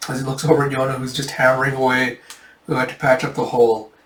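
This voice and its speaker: A man's voice: medium pitch, fast, distant mic. Man retelling a comic in a roomy space. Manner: animated, laughing retelling. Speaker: reader retelling a manga. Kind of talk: casual comic-book readthrough.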